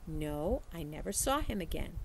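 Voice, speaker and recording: A woman voicing an elderly woman librarian in a read-aloud storybook, telling her tale in a slow, warm storytelling drawl. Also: low voice, very animated, vocal fry, noisy background, full character voice. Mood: gentle storytelling.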